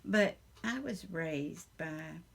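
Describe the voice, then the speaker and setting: A woman with a Southern US accent chatting casually while she crafts in her home craft room. She rambles, chuckles often and fills her pauses with ums. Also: deep voice, lively intonation, vocal fry, slightly rough. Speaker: craft vlogger.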